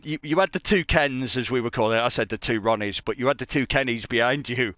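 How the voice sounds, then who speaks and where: A man calling a live online race in a chatty, self-mocking way. His voice is smooth and resonant, and the dry sound keeps it close to the mic. He jokes freely between the race updates. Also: medium pitch, quick pace, a bit bright, dry recording. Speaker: race commentator. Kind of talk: live race commentary chat.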